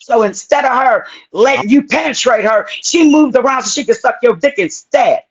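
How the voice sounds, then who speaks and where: Woman, angry, profane, confrontational, husky, muffled lo-fi audio. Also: a little high, normal speed. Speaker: live-stream panelist. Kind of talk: heated live-stream confrontation.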